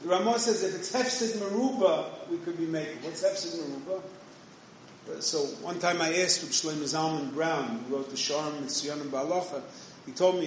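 A man with a fairly high voice at normal speed gives a conversational yeshivish Torah shiur full of restarts and Hebrew and Yiddish terms. The room is very echoey, with faint noise.

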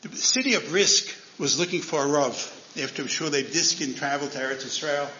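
A man's voice: on the high side, a little fast, sharp tone, echoey room, lo-fi sound, slight background noise. A man giving a Torah lecture as a rabbi, telling stories and acting out the characters' lines with sudden rises in voice.

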